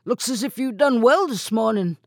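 A woman's voice: on the high side, expressive, moderate pace, darkish tone, no room sound, clean studio sound, voice pushed up. A woman voicing a jovial older male lighthouse keeper with a folksy, hearty way of talking.

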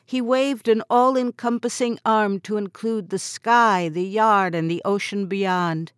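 A woman reads a novel aloud in steady, clear narration. Her pitch sits in the middle of the range. The recording is close and dry. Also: a little slow, hardly any pauses, dry recording. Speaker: audiobook narrator. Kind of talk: scripted narration.

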